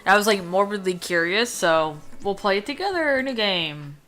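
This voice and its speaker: A woman's voice: mid-range voice, animated, normal speed, a bit bright, faint music behind. A woman hosting a let's play from a room at home, rambling casually and reading game text aloud. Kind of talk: casual gameplay commentary.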